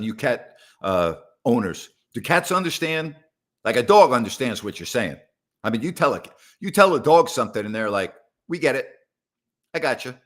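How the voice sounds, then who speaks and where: A middle-aged man hosts a live sports talk show from inside a house, rambling in a sarcastic, exasperated way as he talks back to viewers. His voice sits at an ordinary pitch for a man. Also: a bit bright. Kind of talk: live call-in show chat. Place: house, indoors.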